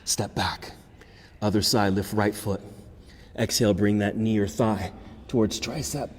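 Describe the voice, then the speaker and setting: A man teaching a yoga class, calmly cueing poses and breaths, and he is a little out of breath. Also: on the low side, normal speed, in a large hall. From United States. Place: yoga studio.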